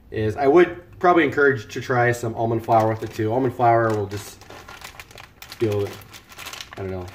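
A man's voice: mid-range voice, a little hiss or hum. A man cooking live in his home kitchen on a headset mic, joking and rambling as he chats with viewers. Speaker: live-streaming home cook. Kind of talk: casual live-stream chat.

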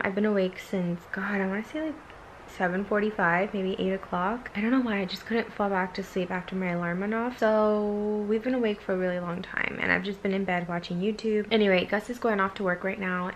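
Young woman rambling to her phone cam at home, chatty, bit of faint background hiss. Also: medium pitch. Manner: chatty, rambling, lots of fillers. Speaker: vlogger. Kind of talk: casual vlog chat. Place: home, bedroom.

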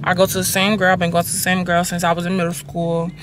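A young woman vlogging from her car, chatting casually to her phone camera in a slangy, expressive way, swearing freely. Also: on the low side, fast, noisy background. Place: inside a car, on the road.

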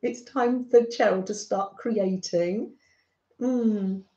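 Brief: unhurried middle-aged British woman, motherly craft streamer, roomy dull home audio. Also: mid-range voice. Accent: British English. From Britain. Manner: soft, motherly, chatting to viewers with frequent little laughs. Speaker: craft livestream host. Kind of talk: gentle chatty livestream.

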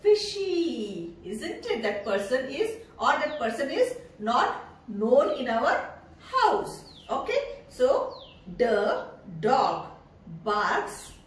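A woman, teaching preschoolers slowly and in a sing-song way. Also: sits high, big pitch swings, slight background noise. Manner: sing-song, slow and drawn out, imitates animal sounds. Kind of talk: teaching young children. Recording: echoey room from far off.

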